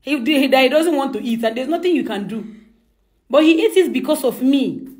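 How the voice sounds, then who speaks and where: A woman's voice: high-pitched, animated, fairly quick, a little mellow. A woman at home, coaxing and insistent, often laughing as she talks. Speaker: employer. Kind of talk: casual conversation. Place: home indoors.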